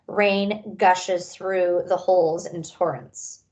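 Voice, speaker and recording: A woman reading a children's novel aloud, raising her pitch and energy for the characters' lines. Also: steady tone, slow pace, a little mellow. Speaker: reader. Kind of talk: audiobook-style read-aloud.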